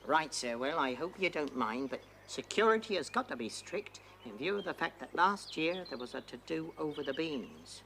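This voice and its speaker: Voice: medium pitch, very animated, normal speed, vocal fry, few pauses, a bit bright, a little hiss or hum. An actor playing an officious but polite security steward at a wine show.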